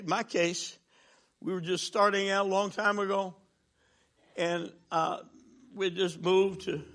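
A man in his sixties preaching a sermon as a traveling minister, telling stories with jokes and swinging from loud to hushed. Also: high voice.

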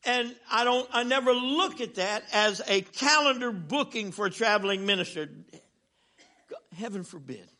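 An older man preaches a sermon in a high, bright voice. He tells stories with jokes, his volume dropping to a hush and then swelling again. He speaks as a seasoned traveling minister. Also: moderate pace. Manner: animated storytelling with jokes, swinging from loud to hushed.

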